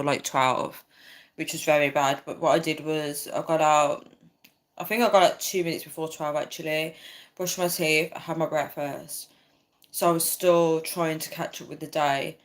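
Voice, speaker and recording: A woman's voice: deep voice, steady tone, normal speed. A woman chatting casually on a livestream, rambling and reading out viewer comments. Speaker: livestream host.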